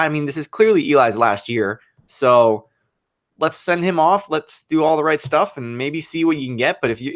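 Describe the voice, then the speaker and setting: A man co-hosting a casual sports podcast, talking football in an excitable, animated way and laughing often. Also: on the high side.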